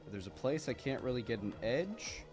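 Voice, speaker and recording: Chatty man painting on stream, lively. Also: mid-range voice, brisk. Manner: chatty, self-mocking, answers chat questions. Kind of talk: casual chat while painting on stream. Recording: music playing behind.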